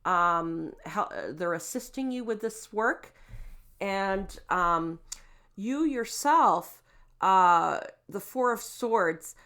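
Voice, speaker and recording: A woman giving a tarot card reading, gentle and reassuring, with frequent fillers and "okay?" check-ins. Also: medium pitch, animated, slow pace. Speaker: tarot reader.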